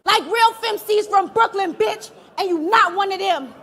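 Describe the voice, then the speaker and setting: A woman spits battle-rap bars in a very high, piercing voice. She delivers taunting, aggressive punchlines, often shouting them out over a live event with a faint crowd behind her. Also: measured pace, hardly any pauses. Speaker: battle rapper.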